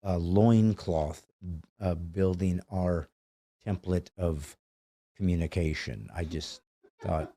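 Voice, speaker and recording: Guy hosting a podcast, low mellow voice, dry studio sound, goes off on wry rambling riffs. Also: slow, husky, dry recording. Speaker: podcast host. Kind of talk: casual chat.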